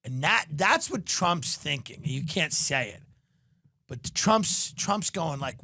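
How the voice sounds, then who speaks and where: A man with a high, reedy speaking voice rants through a sardonic comedy monologue, recorded close and dry. He is a podcast host, and his ranting style keeps breaking into bursts of mock shouting. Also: animated, measured pace, vocal fry, husky, no room sound.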